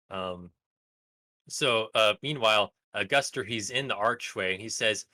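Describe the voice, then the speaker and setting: A man running a tabletop game, narrating scenes and laughing often. His voice is low-pitched but very bright and sharp. The sound is dry and close. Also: unhurried, long pauses, dry recording. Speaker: game master.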